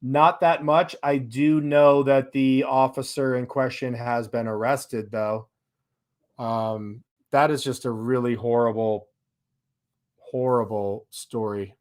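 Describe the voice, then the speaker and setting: A man's voice: mid-range voice, steady tone, takes it slowly, a little mellow. A man hosting a live stream in casual chat, reading viewer comments aloud in a loose, sarcastic way and laughing along.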